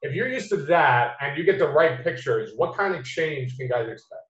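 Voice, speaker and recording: This time the American podcaster sounds animated and fairly bright, with a fairly high pitch and normal pace, laughing easily and swearing freely as he chats bluntly. The recording again has a roomy, dull, lo-fi quality.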